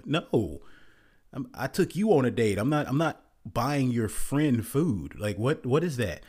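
A man's voice: medium pitch, very animated, measured pace, darkish tone, husky. Exasperated man ranting casually. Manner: blunt, exasperated, repetitive with many restarts.

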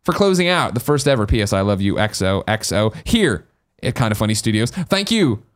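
A man's voice: lowish voice, big pitch swings, a little fast. A man hosting a podcast in a studio, reading listener mail in a boisterous, playful, profane way. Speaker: podcast host.

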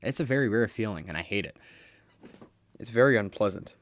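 A man's voice: lowish voice, animated, brisk. A young man hosting a solo podcast, rambling and blunt, swearing freely as he talks. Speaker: podcast host. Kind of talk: casual solo podcast monologue.

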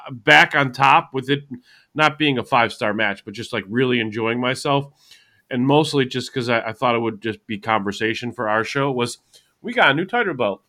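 A man's voice: medium pitch, moderate pace, pushed and bright. A man hosting a casual podcast chat, rambling and thinking aloud as he talks. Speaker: podcast host.

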